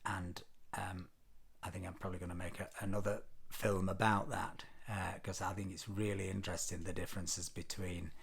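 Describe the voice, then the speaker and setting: Husky British man telling a travel story. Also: low voice, flat delivery, normal speed, fairly bright tone. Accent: British English. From Britain. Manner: rambling, many ums and uhs, wry self-deprecating asides. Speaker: vlogger. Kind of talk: casual storytelling to camera.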